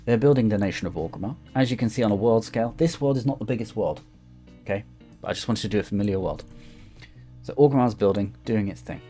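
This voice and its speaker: Chatty man with a low, mellow voice. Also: animated, fast talker, soft background music. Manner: chatty and rambling, thinks aloud. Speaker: gaming YouTuber. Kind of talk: casual gameplay commentary.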